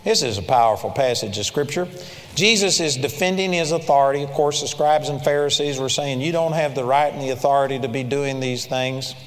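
A man preaching a sermon, emphatic, swinging from loud stressed lines to low quiet asides. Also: fairly quick. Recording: long hall reverb.

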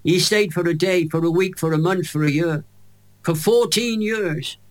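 A Welsh man in his eighties, a guest in an interview, telling a faith story with lively storytelling. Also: high-pitched, moderate pace. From Wales. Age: 80s. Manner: animated storyteller acting out quoted voices.

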